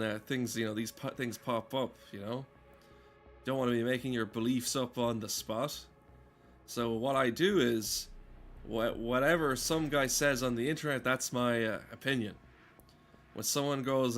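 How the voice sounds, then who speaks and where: Deadpan rambling man. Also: mid-range voice, normal speed, faint music behind. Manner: deadpan, rambling, heavy with "uh" fillers. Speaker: streamer. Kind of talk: casual rambling comedy chat while gaming.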